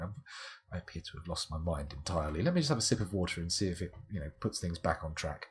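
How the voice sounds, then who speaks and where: Husky, lively streamer. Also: male voice, deep voice, fast talker, faint music behind. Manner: wry, rambling, self-mocking asides. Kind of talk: live-stream game commentary.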